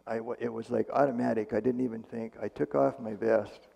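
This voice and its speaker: A man's voice: mid-range voice, fairly even intonation, brisk, vocal fry, dark tone. A man, a medical missionary speaker, retelling a testimony in a casual, conversational way with fillers and restarts, in a church hall. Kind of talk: storytelling testimony.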